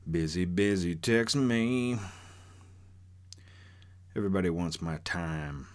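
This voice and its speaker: A man's voice: sits low, lively intonation, takes it slowly. A man telling a true story from his own life in a casual, rambling, profane way, full of fillers and restarts.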